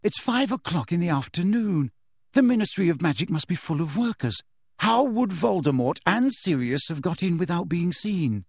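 A man's voice: high voice, very animated, moderate pace, creaky, breathy edge, no room sound, clean studio sound, pitched above the performer's own voice, exaggerated voice. A man reading aloud and voicing an anxious, insistent teenage witch girl who pleads and reasons hesitantly. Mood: worried.

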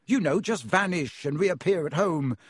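A man voicing an excitable young teen wizard boy who talks in eager, urgent bursts. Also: fairly high pitch, normal speed, husky, dry recording, clean studio sound. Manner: eager, urgent, breathless chatter.

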